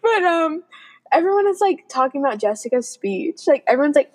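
Chatty young woman, fairly high voice. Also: very animated, a little fast, a little mellow. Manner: chatty, quotes people in exaggerated voices. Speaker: podcast co-host. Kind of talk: casual chat.

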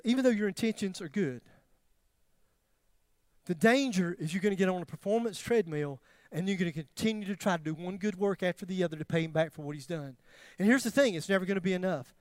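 High-voiced man preaching with swinging intensity. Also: fast, no echo, clean studio sound. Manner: animated, swings from loud emphatic questions to near-whispered tenderness; self-deprecating humor. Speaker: pastor. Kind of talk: sermon.

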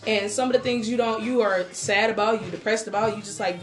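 A woman's voice: medium pitch, steady tone, a little fast. A woman hosting a casual faith podcast, rambling on in an encouraging, preachy way. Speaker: podcast host. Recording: echoey room, faint music. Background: music.

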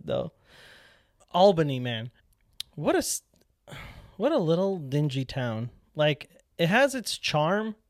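A young man telling a casual, animated story as a powerlifting vlogger, acting out his own past lines with sudden excited jumps in voice. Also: creaky, no room sound, clean studio sound. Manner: animated, quotes himself in excited high voice.

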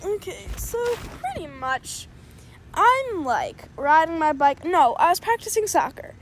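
A woman's voice: very high voice, sing-song, measured pace, noisy background. A young woman telling a story in a casual chat, blunt and offhand, swearing now and then. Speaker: co-host.

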